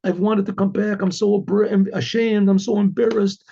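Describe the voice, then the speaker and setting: A man's voice: little pitch movement, normal speed, creaky, dark tone, lo-fi sound. A man putting on an ashamed, anguished husband. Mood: pleading. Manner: pleading, high and anguished. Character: ashamed husband crying out at a card table.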